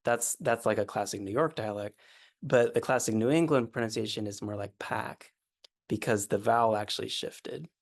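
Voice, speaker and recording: A man's voice: on the low side, fairly quick, creaky. A man, a sociolinguist, explaining speech sounds in an interview.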